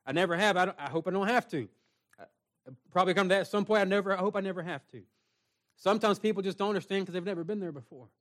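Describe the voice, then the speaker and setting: A young man with a notably high voice preaches a sermon. He talks earnestly and plainly, circling back over his phrases and reading scripture aloud. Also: rapid-fire, fairly bright tone.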